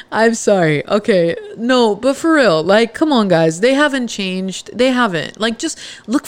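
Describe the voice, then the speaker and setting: Her voice sits on the high side and is expressive, moving at a measured pace with no echo. She's a Los Angeles podcast host giving listeners a casual, emphatic pep talk, chatty and punctuated by laughs and restarts.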